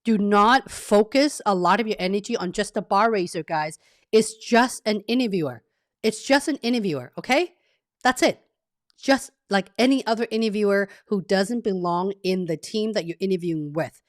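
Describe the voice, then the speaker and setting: A woman's voice: medium pitch, normal speed, no room sound, clean studio sound. A woman hosting a live career-coaching stream, chatting casually, reading viewers' messages aloud and often checking in with "okay?". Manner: chatty and upbeat, with frequent "okay?" check-ins.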